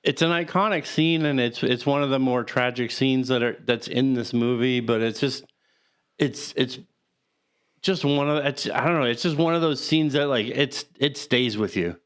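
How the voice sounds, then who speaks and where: Man, podcast co-host, smooth clear voice, mid pitch, rambling casual chat. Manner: rambling, halting, laughs through sad moments. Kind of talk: casual film discussion.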